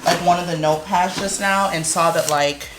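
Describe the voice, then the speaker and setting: A woman's voice: fairly low pitch, steady tone, moderate pace, background noise. A young woman vlogging about her small shop, chatty and anxious, with frequent exclamations. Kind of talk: casual vlog talk. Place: Brooklyn, New York.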